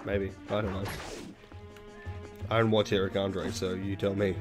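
A man's voice: low voice, flat delivery, a little slow, over loud music. A young man giving rambling, jokey, sweary commentary while playing a video game. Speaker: let's play host. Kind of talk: casual gameplay commentary.

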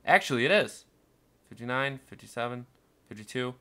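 A young man commentating his city-building game, muttering along and then bursting into panicked, cursing shouts. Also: on the low side, moderate pace, creaky, pauses often. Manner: swings from mumbling to panicked yelling, swears constantly. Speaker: gameplay streamer. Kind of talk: casual let's-play commentary.

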